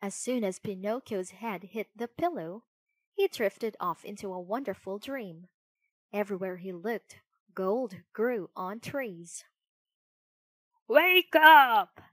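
A woman reading a children's storybook aloud in a clear, deliberate way. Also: medium pitch, darkish tone, dry recording. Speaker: narrator.

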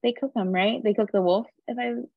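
A woman's voice: fairly high pitch, fairly even intonation, a little fast, creaky, no echo. Hesitant young woman student, lo-fi sound. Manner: hesitant, full of ums and likes. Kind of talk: class discussion. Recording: dull lo-fi, dry sound.

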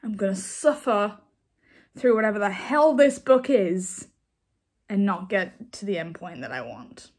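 A woman's voice: medium pitch, expressive, measured pace, darkish tone. A woman vlogger chatting casually to camera, ranting in a blunt, exasperated way. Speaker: book vlogger. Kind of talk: casual vlog chat.

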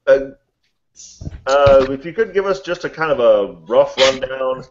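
A man's voice: mid-range voice, expressive, a little slow, background noise. A man hosting a casual online group chat, rambling and hesitant with many fillers, on a muffled line. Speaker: host of an online chat stream.

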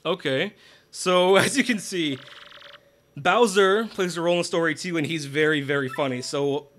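Excitable young-sounding gaming host. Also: male voice, on the high side, normal speed. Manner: excitable, rambling with restarts. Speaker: let's play host. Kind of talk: game commentary.

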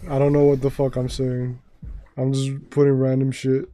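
A man streaming a game and rambling through casual, profane commentary, excitable and self-mocking. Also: mid-range voice, moderate pace.

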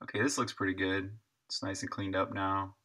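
Deep, bright, and forceful yet flat in delivery, this young indie game developer's voice moves at a moderate pace. He chats casually on his live stream, responding to viewer questions while he works.

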